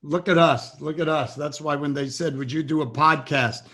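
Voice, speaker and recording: Male podcast host, high bright voice, casual chat, emphatic, laughs a lot. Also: fairly even intonation, normal speed. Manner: laughs often, emphatic storytelling.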